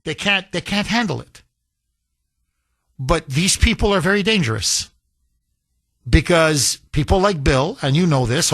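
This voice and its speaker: Man, radio host, combative monologue, lively swooping delivery, dry close studio sound. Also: a little high, dry recording. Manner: heated, scornful, emphatic repetition. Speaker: radio talk show host.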